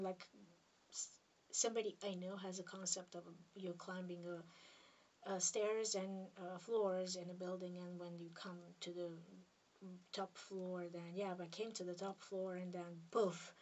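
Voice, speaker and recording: A spiritual healer from Serbia with a Serbian accent speaks in a casual monologue to camera, hesitant and halting, often dropping into soft near-whispers. Her voice is medium-pitched, and she sits far from the mic.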